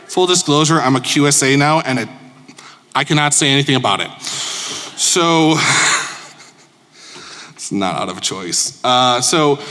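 Man from Chicago, conference speaker: bright, slightly high voice, jokey and self-deprecating, hall reverb. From Chicago, USA. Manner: joking, informal and self-deprecating. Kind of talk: casual conference presentation.

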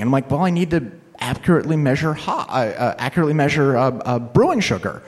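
A man's voice: fairly high pitch, big pitch swings, fast talker, few pauses. A man who is a lawyer, giving a casual, anecdotal talk on computer crime law, acting out quoted voices. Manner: casual and profane, many fillers. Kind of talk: conference talk with audience Q&A.

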